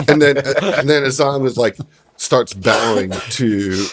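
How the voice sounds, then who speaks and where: A man narrating as game master of a tabletop game, telling the story in a relaxed way with plenty of fillers. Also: medium pitch, slow, a crowd in the background.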